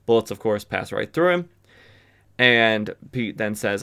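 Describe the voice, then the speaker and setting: Low-voiced man recapping old comics. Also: lively intonation, measured pace, creaky, bright, forceful tone. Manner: chatty, lots of filler, wry asides. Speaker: podcast host. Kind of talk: casual comic book recap.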